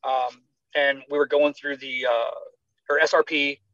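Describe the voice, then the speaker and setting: A man's voice: medium pitch, a little slow, dry recording. An American man, a retired army medic, telling his story in a conversational interview and acting out the dialogue he recalls. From United States. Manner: animated, acts out quoted dialogue. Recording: slightly dull dry sound.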